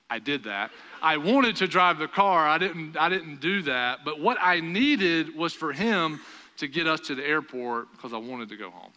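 A young man preaching a sermon, telling a story with animated storytelling and raised voices for the dialogue. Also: fairly high pitch. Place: church sanctuary. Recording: long hall reverb.

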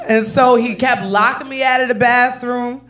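A woman comedian telling a brash, profane, animated story on stage. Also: a little high, moderate pace, soft background music. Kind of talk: stand-up storytelling. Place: live comedy show.

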